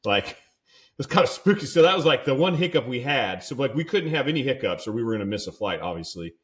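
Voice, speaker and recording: A man's voice: medium pitch, sing-song, fast talker, fairly bright tone. A young man from California, co-hosting a podcast, telling a rambling casual story full of "like" and "dude". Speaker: podcast co-host.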